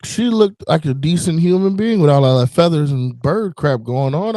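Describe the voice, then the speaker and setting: Blunt wisecracking man, lively voice. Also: fairly high pitch, normal speed, few pauses, dry recording. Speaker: podcast co-host. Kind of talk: casual wrestling chat.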